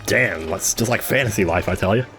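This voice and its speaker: A man's voice: lowish voice, fairly quick, music in the background. Chatty man riffing over a game. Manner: chatty, joking, reacts with laughs. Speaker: game streamer. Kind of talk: casual blind playthrough commentary.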